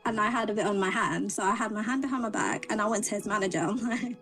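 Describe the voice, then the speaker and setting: A young British woman in casual chat, telling a story with animated quoted voices. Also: medium pitch, fast, few pauses, soft background music. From Britain. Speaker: guest.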